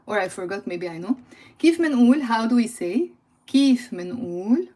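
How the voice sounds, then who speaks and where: On a live stream, captured with a phone or computer mic, a woman with a Lebanese accent teaches Arabic words, playfully laughing and chatting with viewers. Her voice is mellow and fairly high, with lively intonation and a quick pace.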